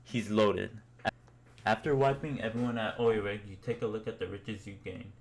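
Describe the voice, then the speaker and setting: A man's voice: on the low side, steady tone, normal speed. A young man narrating a comic story in the second person, in an amused, mock-epic way.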